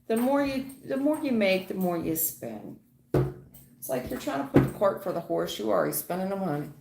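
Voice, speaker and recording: A woman with a gravelly edge gives a live-stream tarot reading in a chatty, folksy way. She calls her viewers honey and baby, and her voice rings in an echoey room. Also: medium pitch, expressive, moderate pace, darkish tone, slight background noise. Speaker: tarot reader.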